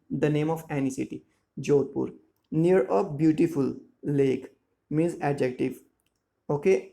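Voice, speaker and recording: A man teaching a school lesson, explaining words slowly and checking that students follow. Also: fairly high pitch, gravelly, mellow. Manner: slow, repetitive explaining with frequent check-ins. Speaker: English teacher. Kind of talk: classroom lesson explaining grammar and syllables.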